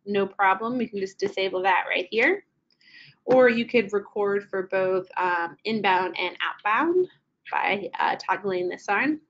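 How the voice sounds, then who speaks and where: A woman giving a casual software training walkthrough, filling her pauses with ums while she clicks through settings. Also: mid-range voice, lo-fi sound. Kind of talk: screen-share product walkthrough.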